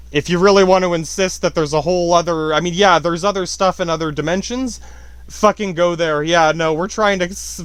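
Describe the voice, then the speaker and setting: Podcast host, man in his thirties, high voice, dry close sound, rambling and profane, keeps cutting himself off. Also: fairly bright tone, clean tone, no echo. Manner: rambling, profane, self-interrupting, laughs often. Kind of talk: rambling profane monologue on science.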